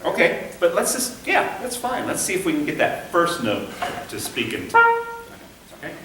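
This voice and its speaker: A man's voice: a little high, huge pitch swings, moderate pace, music in the background. A man teaching a conducting class, coaching a student patiently and singing rhythm syllables to demonstrate. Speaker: conducting instructor. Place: rehearsal room. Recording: echoey room from far off, faint hiss.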